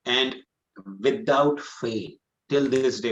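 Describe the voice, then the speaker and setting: A little slow and fairly bright in tone, a medium-pitched man works through a student's question during a scripture class. As a spiritual teacher, he is earnest and repetitive, with many "you know" fillers. Sound quality is dull and lo-fi.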